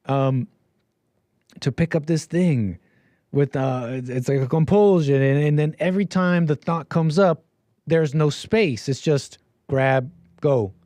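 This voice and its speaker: A man's voice: a little high, measured pace, dark tone, no echo. A man livestreaming, rambling casually with many repeats and restarts. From Canada. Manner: meandering, repeats words and restarts.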